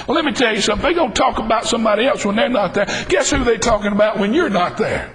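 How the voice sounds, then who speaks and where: A man preaching a fervent sermon, emphatic and breaking into shouts. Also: very high voice, expressive, fast, few pauses, poor audio.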